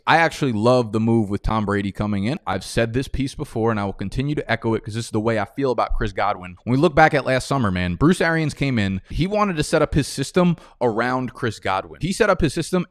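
An energetic young man with a New York-New Jersey accent talks through his fantasy football picks in a casual, emphatic way. His voice sits at an ordinary male pitch. The recording is close and dry, with no room sound. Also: dry recording. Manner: energetic and emphatic, drifts into chatty, profane tangents. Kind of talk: casual, opinionated analysis to camera.

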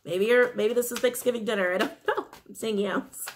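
A woman's voice: on the high side, a little fast, slight background noise. A woman giving a casual tarot reading, musing aloud and repeating her phrases. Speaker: tarot reader.

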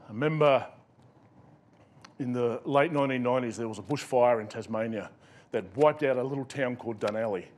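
A man's voice: medium pitch, brisk, a little mellow. An Australian male pastor preaching a sermon in a conversational, storytelling way.

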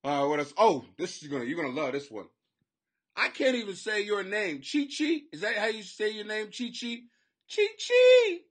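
A man hosting a comedy podcast, talking rowdy and profane, often breaking into shouts and silly voices. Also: high-pitched, animated, fairly quick. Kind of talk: rowdy comic commentary. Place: home basement.

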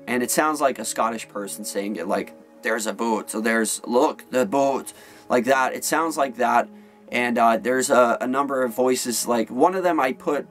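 A man talking casually to camera in an attic, rambling earnestly with many fillers. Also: mid-range voice. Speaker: paranormal vlogger. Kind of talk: casual vlog talk to camera.

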